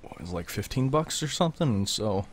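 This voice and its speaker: A teenage guy hosting a casual gaming podcast with a fairly low voice. He rambles, restarts his sentences and laughs his way through the chat. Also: expressive, quick pace, no room sound. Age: teens. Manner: rambling, laughs often, eats while talking. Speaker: podcast host.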